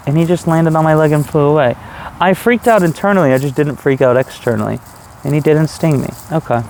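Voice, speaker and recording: A man's voice: on the high side, fairly quick, a little mellow, slight background noise. A man talking to camera in a casual, reflective monologue, rambling with many restarts and fillers. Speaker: vlogger. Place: outdoors.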